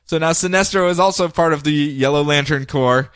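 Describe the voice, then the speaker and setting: A man co-hosting a podcast, recapping comic books in a casual, animated way and laughing often. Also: fairly high pitch, clear, resonant tone, no echo, clean studio sound. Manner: animated, laughing, puts on quick voices for characters. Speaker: podcast co-host.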